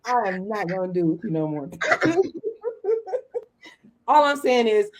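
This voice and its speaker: A woman hosting a casual chat recapping a reality show, animated and quick to act out quotes. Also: on the high side. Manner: animated, acts out quotes, laughs often. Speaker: host.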